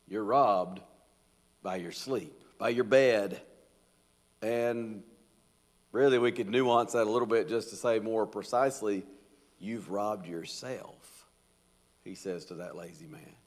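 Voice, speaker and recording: A man's voice: lowish voice, a little mellow. A man leading a casual Bible study, folksy and conversational, acting out quotes in a church room. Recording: reverberant church hall.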